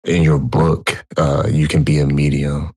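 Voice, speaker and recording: A man hosting an interview podcast, speaking haltingly with many pauses as he sets up his questions. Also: a bass voice, flat delivery, warm tone, slightly rough. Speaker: podcast host.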